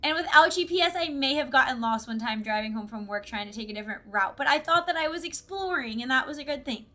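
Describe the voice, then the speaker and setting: Woman live-streaming a game, bubbly, giggly, chatty, bright voice, fairly high pitch. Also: lively intonation, fast. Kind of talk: casual gaming live-stream chat.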